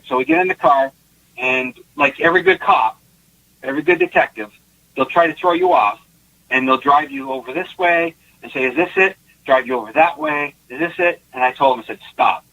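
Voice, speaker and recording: A man's voice: medium pitch, brisk, dry recording. A man, a guest psychic, telling a long case story in casual interview talk, acting out the lines he quotes. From Canada. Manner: animated, acts out quotes, restarts. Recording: dull lo-fi online call audio.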